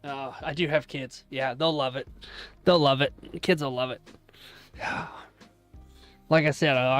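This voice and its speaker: A man's voice: medium pitch, unhurried, long pauses, fairly bright tone, soft background music. A man hosting a casual live stream, chatting and joking with his viewers and thanking them often. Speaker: live-stream trading host.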